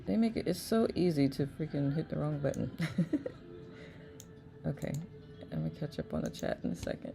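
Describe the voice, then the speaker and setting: A woman's voice: low voice, big pitch swings, moderate pace, creaky, pauses often, over music. A woman hosting a live online chat, reading viewers' messages aloud and laughing often. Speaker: host.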